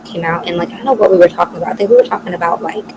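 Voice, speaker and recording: A woman's voice: on the low side, racing. A woman in her twenties telling a personal story on a casual podcast chat, talking loosely with lots of "like" and the odd swear word. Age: 20s. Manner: chatty, peppered with "like", swears freely. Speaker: podcast co-host. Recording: noisy background hiss.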